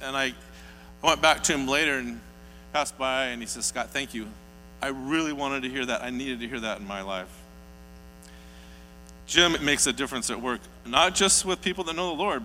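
A man's voice: on the high side, bright, forceful tone. A man preaching a sermon, telling stories earnestly and building to emphatic peaks. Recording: hall reverb with faint mains hum.

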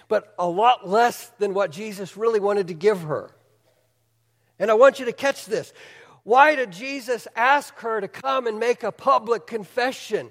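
A man's voice: high-pitched, in a large hall. A male pastor preaching a sermon in an earnest, conversational, emphatic way.

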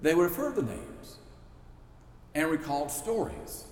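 A man's voice: fairly high pitch, sing-song, unhurried. A man preaching a sermon in a storytelling, conversational way, with playful asides to the congregation. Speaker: pastor. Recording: echoey hall with long reverb.

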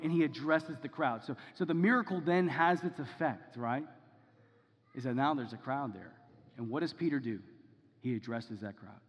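A man with a slightly raised voice delivers a sermon in an easy, conversational way, pausing to ask "okay?" and "right?" The recording is dull, and a long reverb trails each phrase in the hall. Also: a little high. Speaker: pastor.

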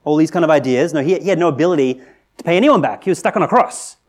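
A man's voice: on the high side, racing. Earnest male preacher, conversational sermon. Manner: earnest, rising to animated emphasis with rhetorical questions; conversational with frequent restarts and "right?".

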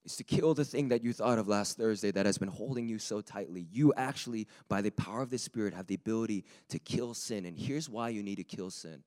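A man preaching a sermon with a slightly raspy voice, talking in a lively, conversational way that builds to emphatic peaks. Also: lowish voice, brisk, few pauses.

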